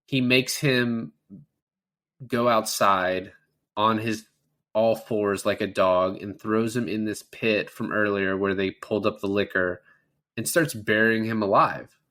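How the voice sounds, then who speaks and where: A man's voice: fairly low pitch, steady tone, slow, a bit bright. A man co-hosting a film podcast, retelling scenes in a loose, profane, chatty way. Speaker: podcast co-host. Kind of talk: casual film-review chat.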